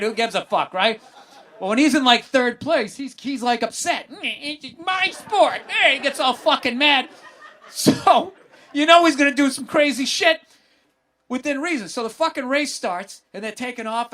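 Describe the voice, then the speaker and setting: A man hosting a podcast, swearing constantly and bursting into excited yelling during a comedic rant about sports. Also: high-pitched. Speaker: podcast host.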